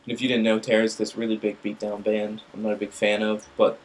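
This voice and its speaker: Speaking fast and in a monotone, a young man with a low voice rambles through a profane, filler-laden story for his viewers. He's a vlog host, and the recording quality is low.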